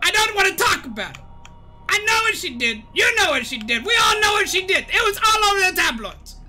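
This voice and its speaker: A woman voicing a grumpy middle-aged male cartoon mad scientist, shouting and ranting over gameplay. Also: very high voice, very animated, brisk, a little hiss or hum, heavily acted. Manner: shouty, ranting, self-pitying. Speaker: gaming streamer. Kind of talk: gameplay commentary in character.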